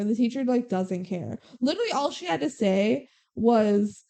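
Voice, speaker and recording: A young woman co-hosting a podcast casually recaps a movie scene by scene, quoting its characters and saying "like" and "um" a lot. Her voice is on the high side, creaky and mellow, with lively intonation at a normal speed.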